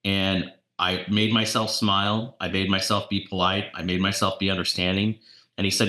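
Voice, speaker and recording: A man who works as a real estate agent and coach, telling lively anecdotes and often repeating words as he goes. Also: deep voice, moderate pace, reverberant. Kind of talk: casual storytelling.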